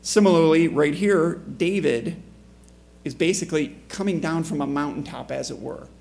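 A man's voice: fairly high pitch, normal speed, vocal fry, a little mellow, slight background noise. A man preaching a conversational sermon to a congregation in church, often asking the listeners questions. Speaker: pastor.

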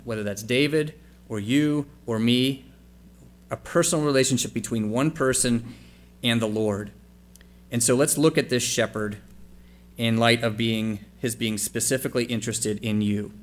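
In a mid-range voice at a moderate pace, a pastor preaches by reading scripture and then talking it over with questions. He addresses the congregation directly with questions and spells out letters when he wants emphasis.

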